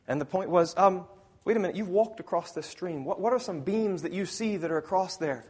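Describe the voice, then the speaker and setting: A man preaching a sermon who reads scripture aloud, rises to loud emphasis, often clears his throat and corrects himself. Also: sits high, brisk.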